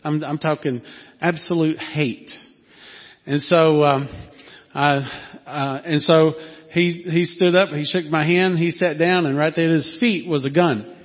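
A man's voice: fairly high pitch, fairly even intonation, unhurried. A man in his sixties with a Southern accent, a former missionary telling a folksy, rambling story to a church congregation. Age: 60s. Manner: folksy, rambling with many fillers. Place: church sanctuary. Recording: dull, echoey hall sound.

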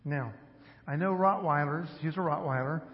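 A middle-aged man with a high voice tells a story in a loose, chatty way during a church talk. His voice rings through a large hall with a long tail of reverb. The sound is dull and muffled. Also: moderate pace. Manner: relaxed, conversational, self-deprecating with small laughs. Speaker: preacher.

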